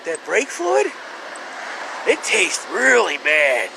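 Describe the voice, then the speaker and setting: A man's voice: high voice, huge pitch swings, slow, vocal fry, background noise. A man in his forties with a Philadelphia accent, rambling and joking to his phone camera from his truck. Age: 40s. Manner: joking, rambling, self-mocking. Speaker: vlogger, scrap-metal worker. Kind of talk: casual vlog monologue.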